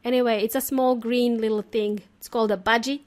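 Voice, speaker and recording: Chatty female podcast host, a bit high-pitched, casual teaching tone with easy laughs. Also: steady tone, a little fast, a little mellow. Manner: chatty and talkative, laughs often. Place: lives in Australia.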